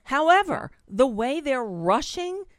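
A woman's voice: sits high, sing-song, slow, no echo, studio quality. A woman co-hosting a casual podcast, giving emphatic opinions and apologizing when she cuts in. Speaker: podcast co-host. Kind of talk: casual political chat.

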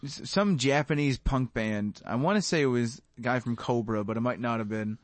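A man's voice: mid-range voice, moderate pace, no echo. A man co-hosting a podcast, telling rambling jokey stories in casual comedic banter. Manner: rambling, laughing storyteller. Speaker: podcast co-host.

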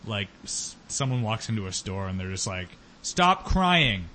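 A man on a comedy podcast making dry wisecracks and low, mumbled asides. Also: fairly even intonation, a little fast. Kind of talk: casual comedic chat.

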